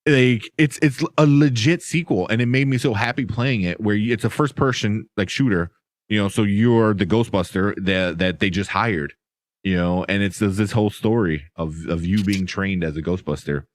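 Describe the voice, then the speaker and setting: A man's voice: lowish voice, moderate pace, no room sound. A man hosting a casual movie review podcast, talking in a rambling, enthusiastic way with many fillers. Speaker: podcast host.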